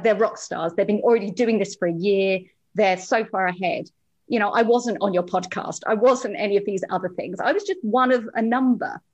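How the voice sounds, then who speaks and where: A woman's voice: mid-range voice, poor audio. A woman guest on a podcast, speaking earnestly and encouragingly about her journey. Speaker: program graduate, guest. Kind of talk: casual interview.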